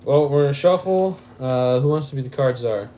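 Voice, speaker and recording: A man's voice: mid-range voice, brisk, warm tone, slight background noise. A young man from Mexico, hosting a casual podcast, rambling and laughing often. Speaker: podcast host. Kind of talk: casual chat.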